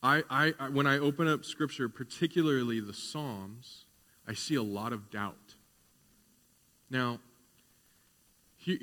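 A man's voice: mid-range voice, fairly bright tone, big-room sound. A man preaching a sermon as pastor, conversational at times and building to fervent emphasis.

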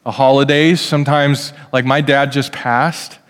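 Lively pastor in a reverberant hall. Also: male voice, medium pitch, a little slow, smooth. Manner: lively, addresses kids directly, acts out family quotes. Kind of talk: family sermon to kids and adults. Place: church hall.

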